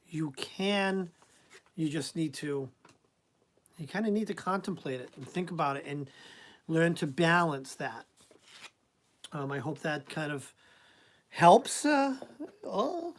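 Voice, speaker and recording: A woman doing live tarot readings, talking in a chatty, reassuring way with lots of fillers. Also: sits low. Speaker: tarot reader.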